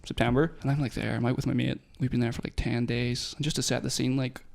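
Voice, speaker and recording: Young guy rattling off a story, quick and casual, lots of likes and swearing. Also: medium pitch, level tone, gravelly, darkish tone. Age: young adult. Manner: fast, swearing, lots of "like" fillers.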